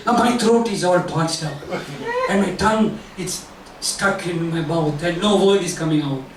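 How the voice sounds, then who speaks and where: A man's voice: on the high side, slow. An older man from Sri Lanka, telling self-mocking stand-up stories and building to punchlines. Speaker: comedian. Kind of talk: stand-up storytelling. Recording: roomy, distant mic, noisy venue.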